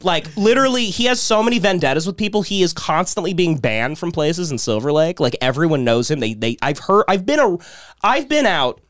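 A man telling stories in casual podcast chat, animated and acting out the voices of the people he quotes. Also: on the high side, brisk, no room sound, studio quality. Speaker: podcast guest.

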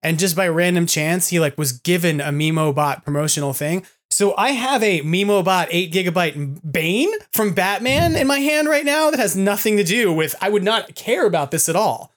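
A man hosting a podcast, telling a long story in an excitable, rambling way and laughing often, talking over a video call. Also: high voice, moderate pace, hardly any pauses. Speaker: podcast host. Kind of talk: casual chat.

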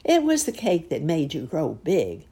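A sly storybook mosquito villain, gloating and taunting, put on by a woman reader. The voice is dark, gravelly and rough, pushed louder and higher than her usual telling. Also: huge pitch swings, measured pace, full character voice.

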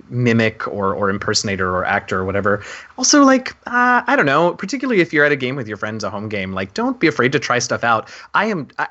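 A man talks animatedly about running tabletop games, joking at his own expense. His voice is bright and forward. The recording sounds dull and lo-fi. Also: mid-range voice. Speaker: game master. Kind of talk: podcast discussion.

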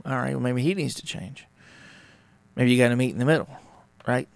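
A man with a deeply gravelly, fry-heavy voice talks through his podcast in a loose, rambling way, breaking into little back-and-forth bits of dialogue. The sound is dry and close, with no room around it. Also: fairly quick, dry recording. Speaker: podcast host. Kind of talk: casual solo talk on relationships.

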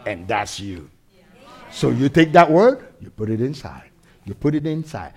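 A man preaching a sermon, animated, swinging from loud shouts to quiet intensity, laughing between lines. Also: a little high, moderate pace. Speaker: pastor.

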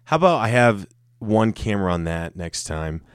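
A man in his thirties from Colorado talks through a solo podcast in a very low voice. He rambles, mocks himself and swears freely. The sound is close and dry, with no room echo. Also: sing-song, normal speed, smooth. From Colorado, United States. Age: 30s. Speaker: podcast host. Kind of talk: casual solo podcast monologue. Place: room with a camera and light set up.

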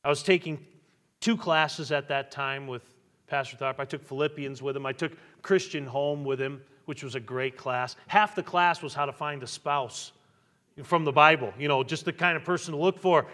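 Higher-voiced pastor preaching in a reverberant hall. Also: male voice, normal speed. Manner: animated storytelling, voice rising and dropping with the story. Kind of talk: sermon.

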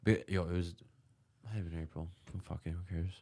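A man's voice: deep voice, fairly even intonation, brisk, mellow, husky. A young adult man telling a long story in casual chat, rambling and swearing constantly, padding his talk with "like" and "man".

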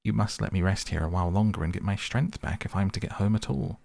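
A man's voice: low-pitched, quick pace, creaky, darkish tone, no room sound. A man voicing a timid, weary mole who speaks anxiously and pleads with his friend. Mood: pleading.

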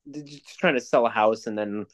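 A man's voice: medium pitch, normal speed. A young man co-hosting a podcast, rambling through movie reviews in casual chat with plenty of swearing. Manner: rambling, profane, animated storytelling. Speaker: podcast co-host.

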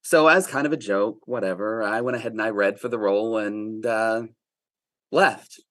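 Male interview guest, lowish voice, relaxed storyteller, dry sound. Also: normal speed, no room sound. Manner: relaxed storyteller, laughs a little. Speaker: podcast guest. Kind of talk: telling a personal story in an interview.

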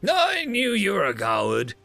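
A man's voice: a little high, big pitch swings, moderate pace, vocal fry, fairly bright tone, no echo, soft background music, voice pushed up, exaggerated voice. A man voicing a cocky young male insectoid warrior who taunts and brags, reading him in a storybook-style narration. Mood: taunting. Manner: brash, taunting.

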